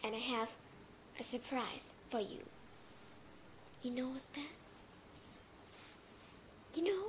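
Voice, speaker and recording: A woman's voice: a little high, fairly even intonation, a little slow, background noise. A woman teaching simple in a playful way, acting out little scenes with sound effects. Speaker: English teacher. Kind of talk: simple English lesson for learners.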